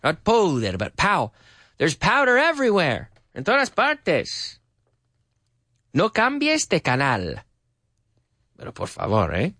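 Lively, chatty male English teacher. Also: on the high side, no echo, clean studio sound. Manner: chatty, laughs often, repeats phrases slowly for learners. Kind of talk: radio English lesson with translation drills. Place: radio studio.

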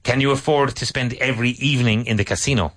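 A male English teacher leads a conversation class. He fires off drill questions, corrects students patiently and praises each right answer, in a voice of ordinary middle pitch. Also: quick pace, fairly bright tone.

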